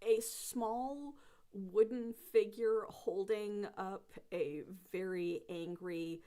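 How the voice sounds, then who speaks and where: A woman narrates a tabletop game as its game master, taking her time and often laughing mid-sentence. Her voice sits at an ordinary middle pitch. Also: takes it slowly, warm tone.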